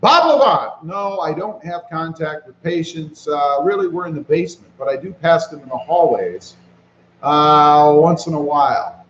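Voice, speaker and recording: A man hosting a casual live stream, reading viewer comments aloud and greeting people by name in a relaxed way while he walks around with his phone. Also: a little high, moderate pace, reverberant, lo-fi sound, a little hiss or hum. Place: walking around outdoors.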